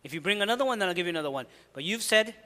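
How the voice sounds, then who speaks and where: A man delivers a religious lecture in an earnest, explanatory manner, rattling off Arabic quotations at speed. His voice sits high and bright. The sound carries a long hall reverb. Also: animated. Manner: earnest, explanatory, quotes Arabic scripture rapidly. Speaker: Islamic preacher.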